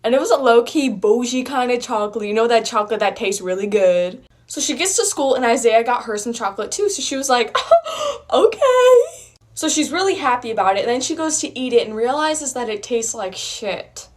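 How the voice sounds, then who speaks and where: A woman's voice: a little high, brisk. A young woman casually telling a funny personal story, chatty and full of fillers. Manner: chatty, uses many fillers, laughs while telling.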